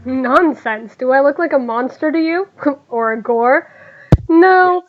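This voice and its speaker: A woman doing a smooth, formal crime boss. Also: extremely high pitch, slow, narrow, tinny audio. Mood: dismissive. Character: calm scheming male crime boss in a wheelchair.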